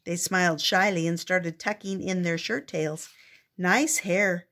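An older woman reading a picture book aloud, with expressive storybook narration. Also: on the low side, moderate pace.

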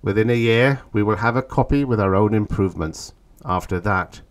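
A man's voice: lowish voice, normal speed, lightly acted. A man reading an audiobook, voicing a proud, cunning alien male warrior leader who speaks coldly and boastfully. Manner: cold, boastful, menacing.

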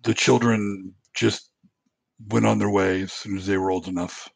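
A man playing a tabletop role-play game, switching between narrating his character and speaking as him in a halting way. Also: on the low side, flat delivery, gravelly, no echo. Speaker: player.

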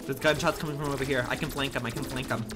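A man's voice: medium pitch, steady tone, rapid-fire, over loud music. A man streaming a role-play game in a flamboyant, campy manner, swearing freely and calling people darling.

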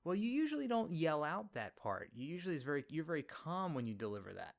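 A man's voice: fairly high pitch, sing-song, fast talker, vocal fry. A man hosting a podcast, asking rambling, teasing questions in a friendly, casual way. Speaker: podcast host. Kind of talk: casual interview chat.

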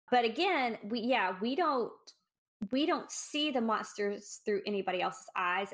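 On a podcast she co-hosts, a woman with a lowish, fairly bright voice talks casually about a short story. She's reflective, thinking out loud and restarting her sentences as she goes.

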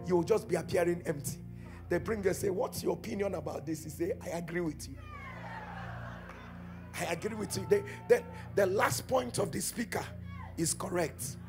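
A man preaching a charismatic sermon, swinging between quiet teaching and shouted, chanted prayer declarations. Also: high voice. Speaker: pastor.

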